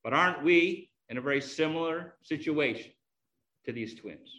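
Brief: man preacher, earnest teaching sermon, high bright voice. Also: normal speed.

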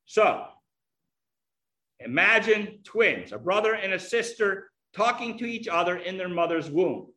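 Bright-voiced man preaching a sermon. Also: high voice, expressive, unhurried. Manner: earnest, teaching.

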